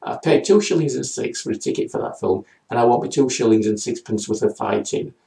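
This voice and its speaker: A man's voice: mid-range voice, animated, a little fast, creaky, dark tone, breathy edge. A man, giving a comedic comics review in a sarcastic, rambling way.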